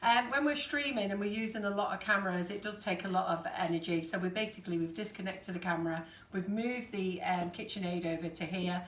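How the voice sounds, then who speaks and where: A woman's voice: mid-range voice, fairly quick, hardly any pauses, fairly bright tone. A woman in her fifties hosting a live baking stream, chatting with viewers. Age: 50s. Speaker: host. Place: busy studio kitchen. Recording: echoey kitchen, distant mic, faint noise.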